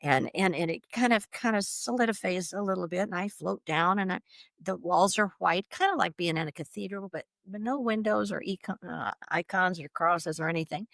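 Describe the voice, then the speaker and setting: A woman guest vividly retelling a personal experience, animated, with restarts and laughs. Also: on the low side, normal speed, vocal fry, no room sound, clean studio sound. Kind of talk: personal storytelling.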